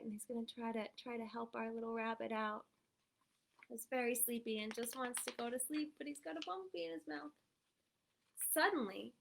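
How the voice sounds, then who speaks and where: High-voiced woman reading a storybook aloud. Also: creaky. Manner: animated, often asks "right?". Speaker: story reader. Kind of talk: reading a picture book aloud to children.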